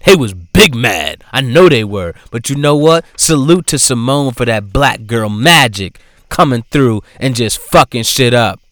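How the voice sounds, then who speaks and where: A man giving casual commentary in a profane, animated way, swinging between loud outbursts and low asides. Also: unhurried, no echo, clean studio sound. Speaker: vlogger.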